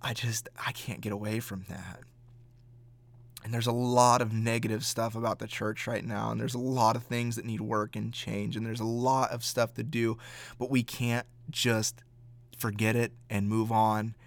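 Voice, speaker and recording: A man who is a pastor and podcast host, talking earnestly in a reflective monologue, often halting and repeating words. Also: lowish voice, little pitch movement, gravelly.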